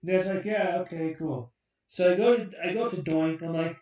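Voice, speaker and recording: A fairly high-voiced young man tells a long, rambling story on a podcast and acts out the other people's lines. His voice sounds roomy and a bit far from the mic. The recording is dull. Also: brisk. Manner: rambling, animated, acts out quotes. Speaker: podcast host. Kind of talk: casual storytelling chat.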